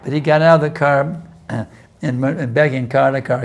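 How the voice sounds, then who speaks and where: A slight hiss or hum sits under this recording of a spiritual teacher fielding questions in a casual scripture class. His medium-pitched voice has vocal fry, fairly even intonation, and a slightly fast pace. He restarts often, drops in "you see," and at times pleads intensely as he acts out prayers.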